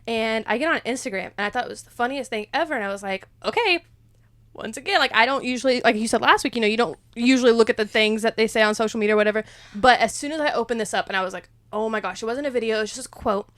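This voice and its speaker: A woman's voice: fairly high pitch, fairly bright tone, no room sound. A young woman, rambling and emotional as she opens up in a casual faith chat, laughing often. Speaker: podcast co-host.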